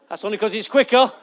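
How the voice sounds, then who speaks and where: A male pastor, preaching a sermon with lively rhetorical questions and jokey asides to his church. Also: high voice.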